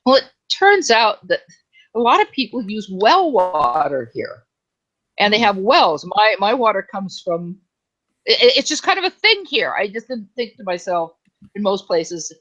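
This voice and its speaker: A woman's voice: mid-range voice, sing-song, measured pace, a bit bright. Woman from socal telling a story, voice jumps around a lot, muffled lo-fi mic. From Southern California. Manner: storytelling, acts out quotes. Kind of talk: casual group chat.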